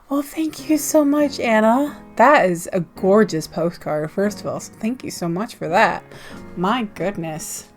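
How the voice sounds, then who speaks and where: A woman's voice: mid-range voice, expressive, measured pace, faint music behind. An American woman chatting casually in a vlog, rambling and laughing often as she goes. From United States. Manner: rambling and giggly. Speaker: zine vlogger.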